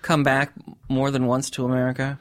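A man's voice: mid-range voice, monotone, a little fast. A man interviewing a guest, curious and engaged, giving short acknowledgments as he listens and asking follow-up questions. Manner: curious, brief backchannels, laughs along. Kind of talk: casual interview conversation.

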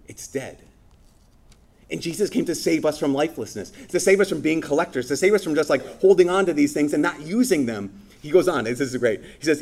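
A man preaching a sermon in a lively, playful way, acting out voices from scripture. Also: medium pitch, brisk. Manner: animated, playful, acts out biblical voices.

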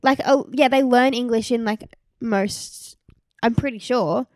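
A woman's voice: a little high, a little slow, a little mellow, dry recording, studio quality. A young Australian woman co-hosting a podcast in an easygoing, casual chat, laughing often. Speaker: podcast co-host.

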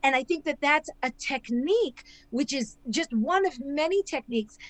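Higher-voiced woman scholar explaining at length. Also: lively intonation, normal speed, poor audio. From not Israel; immigrated there. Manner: explanatory, lecturing with frequent "right?" checks. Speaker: guest scholar and author. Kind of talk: podcast interview explanation.

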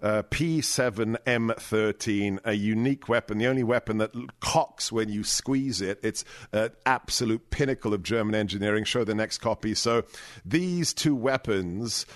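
A man's voice: on the low side, normal speed, no room sound. A man hosting a radio show on a studio microphone, chatting casually about movies and reading ads with playful theatrical flair. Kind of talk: casual movie chat and live ad read.

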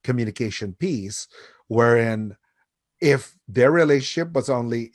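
A man speaking as an expert guest in a relaxed conversation from home, measured and thoughtful, often chuckling. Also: mid-range voice, no echo, clean studio sound. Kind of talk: casual conversation.

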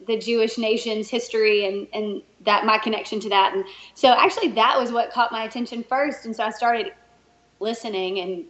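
A woman co-hosting a talk show, telling a story in a casual, animated way and laughing often. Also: on the high side, moderate pace. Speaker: podcast co-host and race director. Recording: echoey room, dull lo-fi sound.

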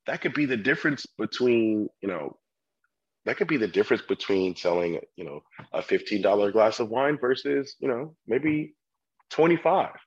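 A man from California, a sommelier guest, chatting casually and telling animated stories, acting out customers' voices. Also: mid-range voice, normal speed, husky, highs cut off. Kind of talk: casual chat.

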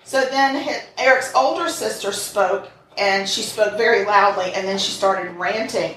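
A woman's voice: medium pitch, normal speed, hardly any pauses, fairly bright tone, far from the mic. A woman co-hosting a podcast, casually retelling a crime story in blunt, swearing terms and reading out quotes with animation. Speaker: podcast co-host. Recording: roomy echo, a bit off mic, faint noise.

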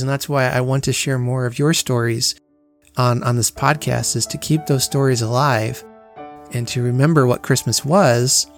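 Earnest man hosting a home podcast. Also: mid-range voice. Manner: earnest, reflective storytelling. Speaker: podcast host. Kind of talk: casual podcast monologue.

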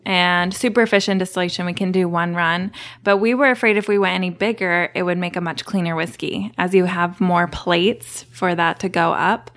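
A woman's voice: fairly low pitch, a bit bright. A woman as a guest on an interview show, talking casually about her work. She explains things in detail, with some fillers along the way. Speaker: distillery guest.

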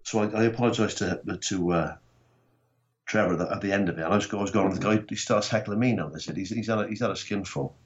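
A British man from Wales rattles through his stories at speed, swearing freely in a blokey, animated way. His voice sits a little low, and the recording has a dull, lo-fi sound. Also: fast. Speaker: comedian and podcast guest. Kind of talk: casual storytelling chat.

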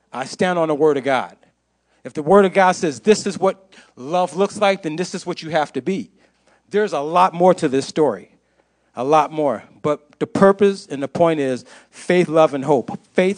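A man's voice: fairly high pitch, lively intonation, measured pace. A man giving an impassioned testimony to a church congregation, repeating phrases for emphasis. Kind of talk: sermon testimony.

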